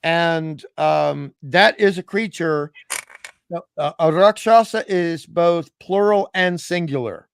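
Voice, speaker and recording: Excitable high-voiced man, dry close sound. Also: slow pace, vocal fry, smooth, dry recording. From Australia. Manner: excitable, jokey, laughing often. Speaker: podcast co-host. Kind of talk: casual comedic chat.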